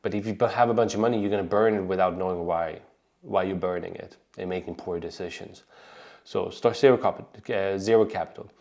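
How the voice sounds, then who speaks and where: A Swedish man with a light accent talks casually to camera as an online business coach, giving advice. His voice is low-pitched, steady, creaky and a little mellow, and he speaks briskly, restarting sentences and often checking in with "right?"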